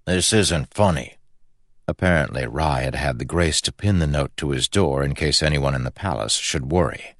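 A man narrating a fantasy novel in a measured, even storytelling manner. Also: rumbling low, no echo, studio quality. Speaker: audiobook narrator. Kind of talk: scripted narration.

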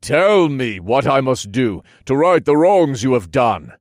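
A man's voice: deep voice, lively intonation, slow, darkish tone, husky, dry recording, clean studio sound, exaggerated voice. A man voicing a determined young swordsman hero, speaking in a firm, clipped, commanding way. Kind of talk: audiobook character voice.

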